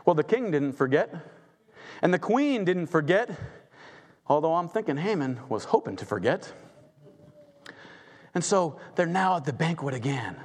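A man's voice: a little high, very animated, normal speed, long pauses. A man telling a Bible story as a preacher, dramatic and conversational, acting out the characters. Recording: long hall reverb.

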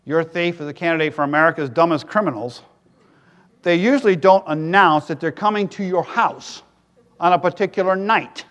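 Middle-aged male pastor with a high voice, chatty sermon delivery and loud emphatic bursts. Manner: conversational, joking, rising to loud emphatic peaks.

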